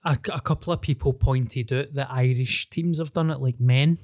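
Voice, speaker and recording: A man's voice: mid-range voice, fairly even intonation, normal speed, a little mellow, dry recording. A man with a Scottish accent, co-hosting a podcast in casual chat, mostly giving short reactions and dry banter. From Scotland. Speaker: podcast co-host.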